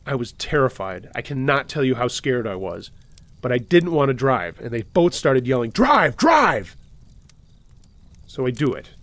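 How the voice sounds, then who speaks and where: A man hosting and reading submitted true scary stories aloud, steady, with dry sarcastic asides. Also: mid-range voice, no room sound. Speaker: host and narrator.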